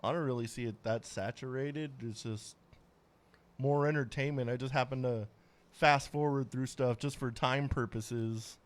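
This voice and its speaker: A man's voice: medium pitch, steady tone, normal speed. A man in casual podcast chat, talking in a plain, matter-of-fact way. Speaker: podcast co-host.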